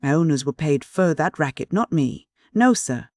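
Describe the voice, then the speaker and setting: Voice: medium pitch, expressive, moderate pace, darkish tone, no room sound, clean studio sound, natural voice. A narrator voicing a truculent, lean American sea captain who drawls slang with a placid swagger.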